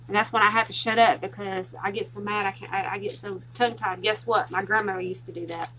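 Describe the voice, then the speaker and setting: A woman's voice: mid-range voice, flat delivery, brisk, few pauses, a bit bright, a little hiss or hum, low-quality recording. A woman from Tennessee with a strong Southern twang, chatting casually and laughing often while she walks viewers through a craft project. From Tennessee, USA. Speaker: craft tutorial host.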